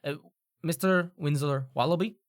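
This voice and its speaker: A game master narrating a tabletop game, loose and laughing between quick asides. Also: mid-range voice, no room sound, clean studio sound.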